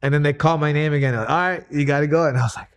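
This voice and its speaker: A man's voice: fairly high pitch, steady tone, rapid-fire, clear, resonant tone. Brief: young male guest, loose chatty storyteller, lots of "like"s and restarts. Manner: rambling, many fillers and restarts. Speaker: guest, grappling coach and personal trainer. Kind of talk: casual conversational storytelling.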